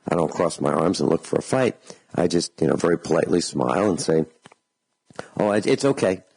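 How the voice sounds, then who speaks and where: A man hosting a talk radio show, giving slow, deliberate advice and repeating phrases for emphasis. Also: very deep voice, gravelly, darkish tone, breathy edge, no room sound, low-quality recording.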